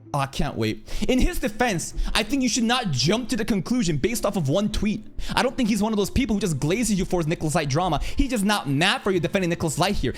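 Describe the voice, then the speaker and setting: A man streaming an angry rant, aggressive and profane, speaking in a rapid, assertive way. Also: high-pitched.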